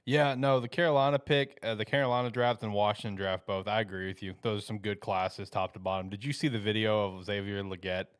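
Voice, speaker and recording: Smooth low-voiced man, enthusiastic football talk. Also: little pitch movement, brisk, few pauses, no echo, studio quality. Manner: enthusiastic, emphatic. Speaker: co-host of a football show. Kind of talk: casual sports chat.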